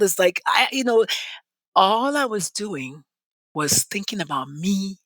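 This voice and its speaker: Nigerian-born woman telling her story on a podcast, super expressive, lots of ups and downs, dry close sound. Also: mid-range voice, no echo. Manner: passionate and animated, with dramatic pauses. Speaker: podcast guest. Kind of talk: emotional interview storytelling.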